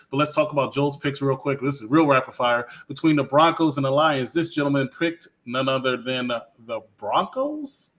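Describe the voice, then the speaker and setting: Man, middle pitch, sports show host, playful, confident, teasing. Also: a bit bright. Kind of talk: sports talk show hosting.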